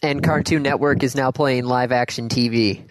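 A man's voice: medium pitch, steady tone, normal speed, dry recording, poor audio. A man co-hosting a casual podcast, rambling loosely and reading news items aloud. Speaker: podcast co-host. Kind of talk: casual chat.

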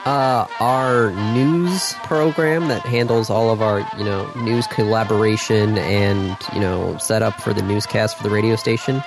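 A man co-hosting a podcast in casual chat, relaxed and chatty with a playfully stubborn streak. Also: lowish voice, measured pace, vocal fry, hardly any pauses, over music. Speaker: podcast co-host.

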